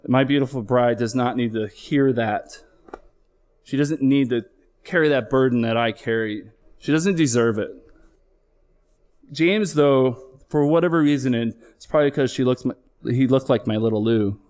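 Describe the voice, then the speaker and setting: A man's voice: mid-range voice, moderate pace, a little mellow. A middle-aged man, a flight paramedic, telling a candid personal story on stage with earnest emotional swells.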